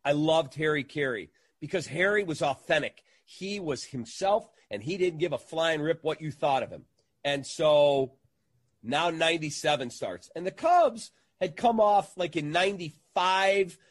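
A man, a sports radio entertainer, telling an animated anecdote in a casual interview and acting out the quotes. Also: on the high side, no room sound.

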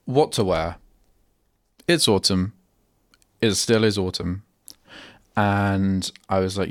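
Speaking slowly in a low voice with a fairly bright tone, a young radio host chats casually through his solo show. He rambles and often breaks off mid-sentence. The studio-quality audio from his radio studio has no room sound.

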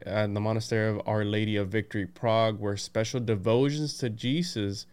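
A man hosting a casual podcast chat, excitable and laughing, reading aloud from notes. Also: on the low side, fairly quick, smooth. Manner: excited, laughing, says "bro" and "dude". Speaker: podcast host.

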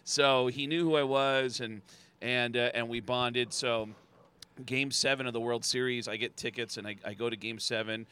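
Man, comedic storyteller, bright and forward tone, lively quotes with shouted bursts. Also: medium pitch, normal speed, clean tone. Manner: animated, acts out quotes with loud shouting bursts. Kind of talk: casual podcast storytelling.

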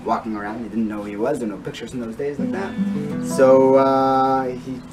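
A man's voice: medium pitch, little pitch movement, brisk. A man giving a storytelling sermon, mixing in Yiddish and Hebrew words. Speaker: rabbi giving a weekly Torah talk. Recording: from a distance, with loud guitar music.

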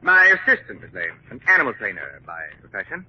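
A man's voice: lowish voice, sing-song, quick pace, husky. An actor playing a scheming male swindler in a 1940s radio drama, speaking theatrically. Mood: smug. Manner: theatrical, sly then frantic. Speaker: villain. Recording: dull old radio broadcast with hiss.

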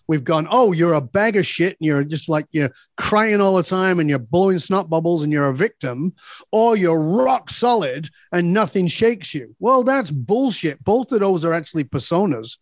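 A blunt, emphatic man speaks candidly as a podcast guest, swearing without hesitation as he makes his points. His voice sits a little high for a man, and the sound is dry and close. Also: animated, normal speed, dry recording. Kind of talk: candid personal storytelling.

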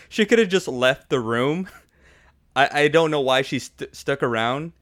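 A man's voice: on the high side, expressive, unhurried, fairly bright tone, no echo, clean studio sound. A man hosting a podcast, giving an opinionated, sarcastic movie review in casual chat and laughing often. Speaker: podcast host.

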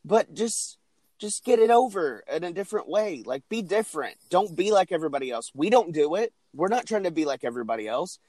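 A man's voice: a little high, big pitch swings, a little fast, a little mellow, dry recording. A man co-hosting a wrestling podcast, ranting in casual chat and swearing heavily. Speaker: podcast co-host.

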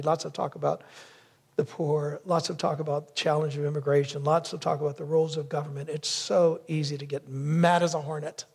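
A man preaching a sermon, telling a story with lively asides and acting out brief voices. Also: on the high side, creaky, slightly rough. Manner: storytelling, acts out wife's lines and crow caws. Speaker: pastor.

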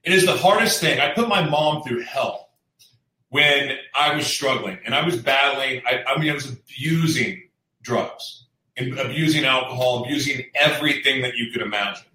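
Host, man, candid storyteller, restarts a lot; bright tone, off-mic in a roomy space. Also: mid-range voice, moderate pace, recorded from a distance. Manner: earnest, rambling, many fillers and restarts. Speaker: show host sharing his recovery story. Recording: echoey room, voice off-mic.

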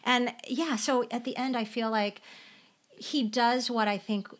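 A woman's voice: fairly high pitch, steady tone, measured pace. A woman in her fifties co-hosting a casual chat, animatedly retelling a TV special and acting out the quoted lines. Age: 50s. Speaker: podcast co-host.

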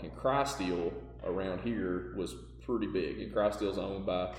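A man telling lively business stories as a podcast guest, acting out the dialogue. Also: low voice, measured pace, a little hiss or hum. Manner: animated storyteller, acts out dialogue, laughs often. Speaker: guest, parts company owner. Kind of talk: casual storytelling in a podcast interview. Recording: roomy with long reverb.

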